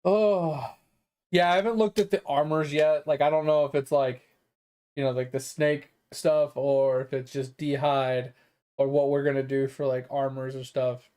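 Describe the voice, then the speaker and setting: This live-stream clip features a gamer whose unhurried, medium-pitched voice stays steady, smooth and slightly dark. He rambles casually, uses lots of "like" and "um," and drops a swear word from time to time.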